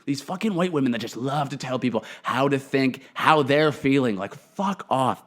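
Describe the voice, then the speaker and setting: A man's voice: medium pitch, moderate pace. A man hosting his own comedy podcast alone, delivering a profane, opinionated monologue into a podcast microphone. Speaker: podcast host.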